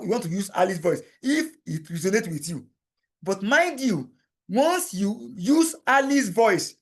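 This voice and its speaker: Man explaining software steps, repeating himself. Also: sits high. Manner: repetitive, step-by-step explaining, addresses viewer directly. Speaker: tutorial instructor. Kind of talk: screen-recorded software tutorial.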